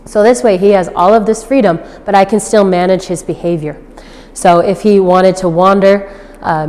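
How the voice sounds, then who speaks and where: Woman dog trainer, mellow voice, patient teaching tone, some room reverb. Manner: explains patiently, then switches to high-pitched praise for the dog. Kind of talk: instructional demonstration. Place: outdoors.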